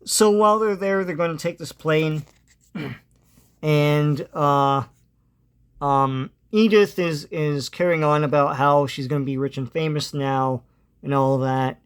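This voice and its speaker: A man casually retells a comic book plot in a slightly high voice. He hesitates often, filling gaps with ums and uhs, and chuckles now and then. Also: steady tone, slow pace, clear, resonant tone.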